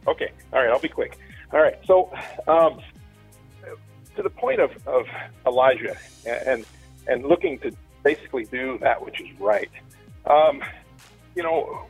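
A man calling in to a radio show while working, out of breath, speaking haltingly with many fillers. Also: mid-range voice, slightly rough, rough recording. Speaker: caller.

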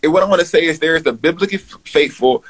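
A man's voice: fairly high pitch, rapid-fire, husky, rough recording. A man speaking earnestly in a played clip about faith and justice. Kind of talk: public talk on faith.

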